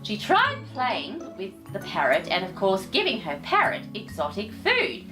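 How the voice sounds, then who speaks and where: A woman's voice: mid-range voice, huge pitch swings, a little slow, music in the background. A woman reading a children's picture book aloud as host, theatrical, with affectionate asides to her listeners.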